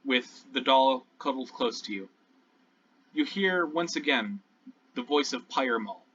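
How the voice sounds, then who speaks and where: A man's voice: mid-range voice, animated, unhurried, a bit bright, husky. A man narrating scenes as game master of an online tabletop game, describing things at length with fillers and restarts. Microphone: online voice call. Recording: distant, dull lo-fi call audio.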